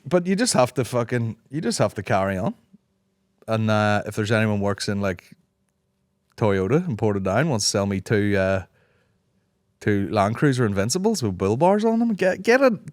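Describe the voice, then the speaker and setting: A man's voice: on the low side, darkish tone, no echo, studio quality. A man in his thirties with a Northern Irish accent, hosting a solo comedy podcast, rambling and swearing freely while acting out other people's voices, his throat sore. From Northern Ireland. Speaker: podcast host.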